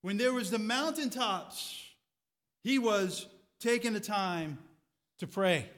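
High-voiced preacher delivering a sermon. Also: male voice, animated, takes it slowly. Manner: preaching with rising fervor and rhetorical questions; drops to a quiet, reflective tone at times. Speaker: pastor.

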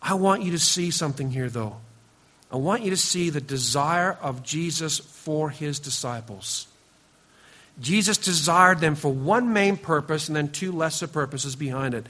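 A man delivers a sermon in a high, ringing voice. He is earnest and emphatic, often drops into a hushed, lower tone, and speaks to his listeners directly, even calling them out by name. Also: normal speed. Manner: earnest, emphatic preaching with frequent drops to a quiet, low voice; speaks directly to the congregation, teasing members by name. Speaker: pastor.

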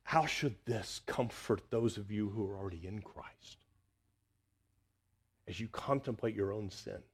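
A man preaching a sermon earnestly, rising to loud emphasis and dropping to hushed, near-whispered lines. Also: on the low side, unhurried, breathy edge. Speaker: pastor.

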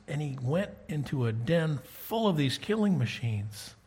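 A male preacher with a husky, somewhat raised voice, walking his listeners through scripture. He reads a verse, then breaks off to chat and ask them questions. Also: on the high side, big pitch swings, a little slow, a little mellow. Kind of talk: conversational Bible teaching.

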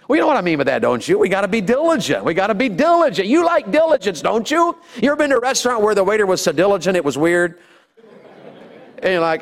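A man's voice: sits high, very animated, quick pace. A middle-aged man preaching a sermon in a church, folksy and humorous, often calling out to his listeners. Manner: folksy, humorous, calls out to the audience. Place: church sanctuary. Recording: long hall reverb.

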